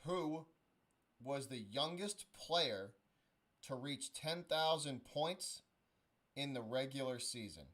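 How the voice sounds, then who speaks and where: A young man in casual conversation on a livestream. He tells stories in a loose, profane way, often stopping and restarting his sentences. His pitch sits right in the middle for a man. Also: animated, slow, a bit bright. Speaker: stream host. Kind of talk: casual chat on a charity stream.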